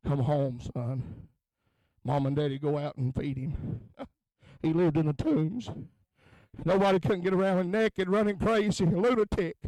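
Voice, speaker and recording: A man preaching a revival sermon in a tent, moving between low, quiet talk and chanted, shouted peaks. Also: fairly even intonation, moderate pace, dry recording, poor audio.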